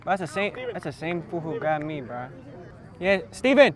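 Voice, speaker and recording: A teenage boy wearing a mic while playing soccer, shouting to teammates and arguing calls with the ref outdoors. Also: fairly high pitch, very animated, moderate pace. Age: teens. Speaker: soccer player. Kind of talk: mic'd up on-field chatter. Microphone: body-worn mic on a player. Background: crowd and players on the field.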